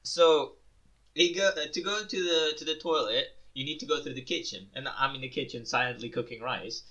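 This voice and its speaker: A young man co-hosting a casual podcast, laughing often, swearing and telling stories in loud put-on voices. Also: mid-range voice, brisk. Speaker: podcast co-host. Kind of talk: casual chat. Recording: dull lo-fi sound.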